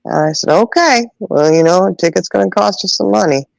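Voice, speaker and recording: A woman's voice: medium pitch, vocal fry, dry recording, rough recording. A middle-aged woman telling stories in casual chat, laughing often and acting out voices in the quotes. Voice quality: animated, acts out voices in quotes. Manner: laughs often, drawn-out exclamations. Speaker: podcast host.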